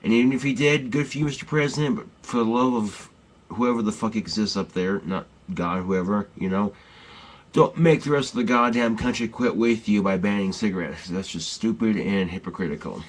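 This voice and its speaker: A man's voice: fairly low pitch, brisk. A man ranting bluntly and profanely in a casual, rambling vlog.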